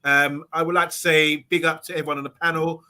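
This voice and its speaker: A man signing off as a panel guest, giving shout-outs and thanks while laughing. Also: a little high, flat delivery, quick pace. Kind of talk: casual sign-off on a live stream.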